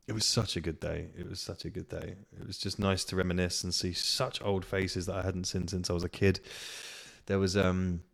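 A young podcast host from Kent, England, chats and rambles through a casual solo episode, swearing freely. His voice is low and creaky, captured on a podcast microphone.

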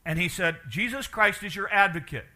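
A man preaching a sermon as pastor, animated and asking his congregation questions, dropping quiet for emphasis. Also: high voice, normal speed.

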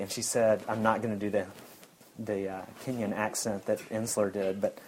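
A man's voice: lowish voice, fairly even intonation, moderate pace, darkish tone, slight background noise, rough recording. A man preaching a sermon in an earnest, emphatic way, repeating his key points.

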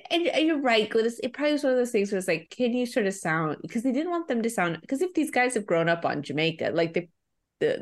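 A woman co-hosting a casual podcast chat, giggling often and trailing off mid-sentence. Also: mid-range voice. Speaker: podcast co-host.

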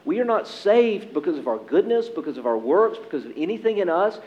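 A man preaching a sermon as pastor, earnest and emphatic, with dramatic pauses. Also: sits high, very animated, dull audio.

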